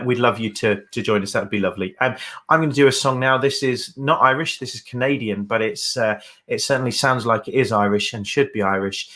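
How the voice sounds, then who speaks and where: A man's voice: mid-range voice, fairly bright tone. A man co-hosting a folk music livestream, chatting casually with fillers and rambling asides. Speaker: livestream co-host and singer.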